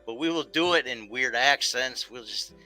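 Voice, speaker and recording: A man hosting a talk show, easygoing and quick to laugh in casual chat. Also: mid-range voice, music in the background.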